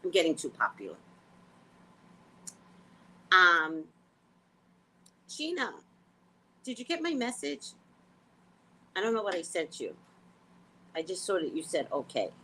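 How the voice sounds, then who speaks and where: A woman hosting a casual livestream, talking to her viewers in a blunt, profane, animated way. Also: fairly low pitch, slow, pauses often, slight background noise, poor audio. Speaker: psychic reader and livestream host.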